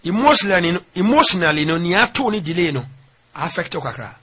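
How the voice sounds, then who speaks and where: High, quick-talking Ghanaian host. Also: male voice, very animated, bright, forceful tone, slightly rough. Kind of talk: conversational interview.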